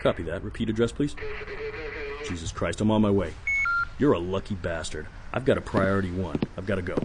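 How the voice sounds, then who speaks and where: Brief: actor voicing a curt commanding cop, lowish voice, noisy street behind. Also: male voice, fairly quick, natural voice. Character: brusque male police officer, curt and commanding. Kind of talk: audio drama acting.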